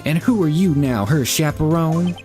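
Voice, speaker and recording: A man's voice: on the high side, animated, normal speed, darkish tone, faint music behind, pitched above the performer's own voice, close to an everyday voice. A man voicing a brash, folksy Southern woman photographer, with a put-on Southern drawl and a scolding tone. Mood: testy. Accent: put-on American Southern drawl.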